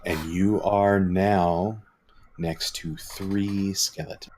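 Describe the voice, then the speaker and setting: Brief: low-voiced male game master, slow and descriptive. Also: fairly even intonation, a little mellow, slight background noise. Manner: unhurried, descriptive, halting with fillers. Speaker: dungeon master. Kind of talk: narrating a tabletop game.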